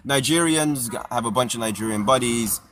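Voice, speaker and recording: A man hosting a casual chat, rambling and animated, laughing often as he talks. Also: mid-range voice, a little fast, slight background noise. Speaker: podcast host. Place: parked car outdoors.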